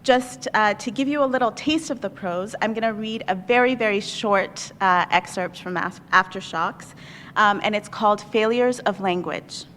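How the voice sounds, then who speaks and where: A woman's voice: normal speed, a bit bright. Woman reading memoir in echoey hall. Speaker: author giving a reading. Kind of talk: reading her own memoir aloud. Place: lecture hall on a college campus. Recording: echoey hall, faint rumble.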